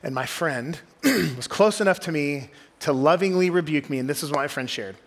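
A man's voice: on the high side, moderate pace. A young adult man, preaching a sermon as a groups pastor in a conversational storytelling way. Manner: conversational storytelling, drops to quiet intensity.

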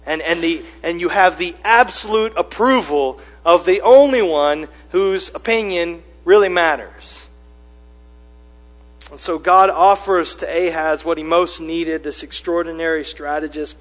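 A male pastor preaching a sermon, conversational at first and then building to loud, emphatic repetition. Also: fairly high pitch, measured pace. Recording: long hall reverb with mains hum.

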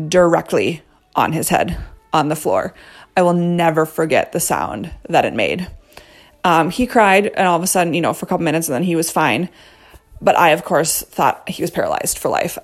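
A woman in her thirties telling a self-deprecating story in a chatty way, full of "um" and "like". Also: on the low side. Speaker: guest storyteller. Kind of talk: casual storytelling.

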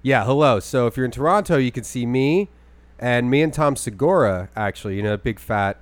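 A young man co-hosting a podcast, chatting casually in a rambling, animated way. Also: brisk, no room sound. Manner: rambling, animated, mimics his grandma in a high voice. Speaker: podcast co-host and stand-up comic.

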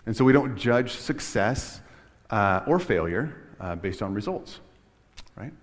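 A man's voice: fairly low pitch, animated, a little slow. A middle-aged man preaching a sermon in a loose, conversational way, telling a personal story with plenty of fillers and restarts. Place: church sanctuary. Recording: long hall reverb. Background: long reverb of a large church.

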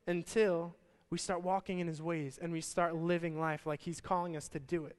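A man preaching a sermon in a lively conversational way, calling his listeners guys, at a church service. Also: high voice, moderate pace, clean tone. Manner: energetic, conversational, addresses crowd as guys. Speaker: pastor. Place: church service with stage and band. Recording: long church hall reverb.

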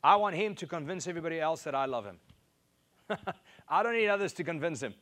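A man's voice: lively intonation, fast talker, fairly bright tone. A man preaching a sermon, reading scripture and repeating key phrases for emphasis. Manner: emphatic, repeats key phrases, rises in pitch to stress points.

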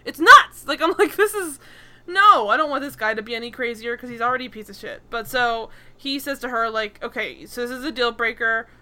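A woman co-hosting a casual chat, retelling a sitcom episode in an animated, exasperated way. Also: fairly high pitch, a little fast, hardly any pauses. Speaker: podcast co-host recapping a sitcom.

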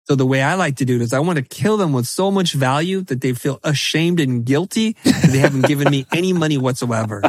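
A middle-aged man talking as a podcast guest in an animated, emphatic way, often breaking into quick quoted asides. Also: medium pitch, no room sound. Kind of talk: animated conversational podcast talk.

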